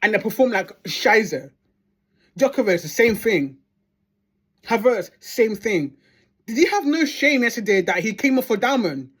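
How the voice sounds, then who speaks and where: A woman's voice: fairly high pitch, sing-song, a little slow, husky. A woman ranting as a football fan vlogger, heated and sweary, repeating phrases for emphasis. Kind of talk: angry fan rant.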